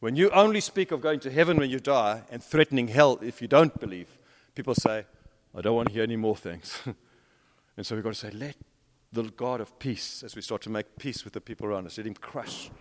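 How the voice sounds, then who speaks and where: Preacher man in a reverberant hall. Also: brisk. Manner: storytelling, rises to emphatic peaks then drops low. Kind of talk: sermon.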